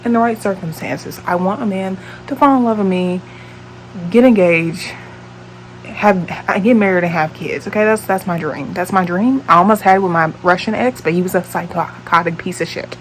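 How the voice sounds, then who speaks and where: A woman's voice: lowish voice, moderate pace, a little hiss or hum, rough recording. A woman in her late twenties telling a dating story on her vlog in a blunt, profane, exasperated way. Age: late 20s. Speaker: vlogger.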